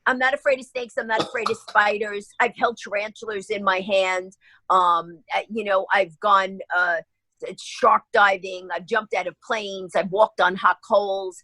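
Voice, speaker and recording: A woman from New York, appearing as a guest on a radio interview, tells animated stories and acts out the voices of the people in them. Her voice is medium in pitch and her pace is measured. The recording is low quality, with no echo.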